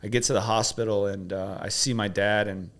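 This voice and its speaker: A man with a fairly low voice leads a coaching talk. He presses with short questions and then tells a heartfelt personal story. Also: steady tone, fairly quick. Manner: probing, then emotional storytelling. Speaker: guest coach.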